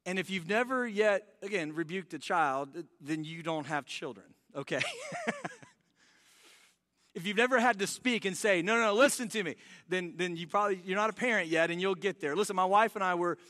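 A man, a pastor, preaching an animated sermon, acting out the panicked voices of the disciples. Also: high voice, moderate pace. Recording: reverberant church hall.

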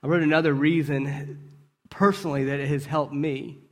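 Male preacher, conversational sermon, slightly high voice, rhetorical questions and asides. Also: fairly even intonation, normal speed, darkish tone. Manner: asks rhetorical questions and checks in with "right?"; storytelling with brief restarts.

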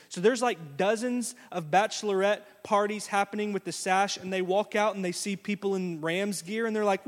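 A man preaching a sermon as pastor, folksy and conversational, acting out quotes in a lively way. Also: high-pitched, normal speed, few pauses. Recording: long hall reverb.

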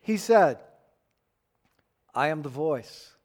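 A man's voice: on the high side, expressive, drawn-out words, darkish tone, long reverb tail. A man preaching a sermon in a church, emphatic and playful with the congregation. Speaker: pastor.

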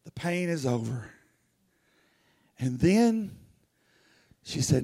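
A man preaching a sermon, telling a folksy story that swings from loud to hushed. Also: on the high side, sing-song, takes it slowly, long pauses, slightly rough. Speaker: pastor.

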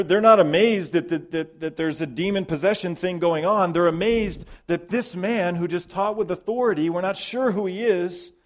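A man preaching a sermon as pastor, emphatic, with loud stresses, quiet drops and repeated words. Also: a little high.

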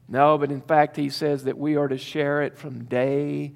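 High-voiced preacher in a reverberant hall. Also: male voice, little pitch movement, vocal fry, a little mellow. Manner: emphatic, drawn-out preaching with pauses. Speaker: pastor. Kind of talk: sermon.

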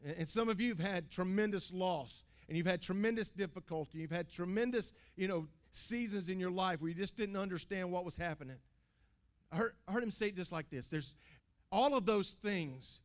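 A man preaching a sermon as pastor, his voice sitting a little high for a man. He talks in animated bursts, stumbles into restarts and folksy phrasing, and keeps calling out to his congregation. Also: brisk. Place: church building.

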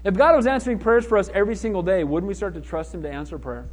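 High-voiced pastor preaching with animation. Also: male voice, very fast. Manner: animated, acts out voices of people in the story. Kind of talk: sermon.

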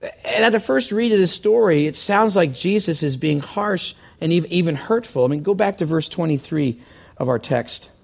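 A man preaching a sermon as pastor, earnest, often repeating words and climbing higher when stirred. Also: lively intonation, moderate pace, gravelly, darkish tone.

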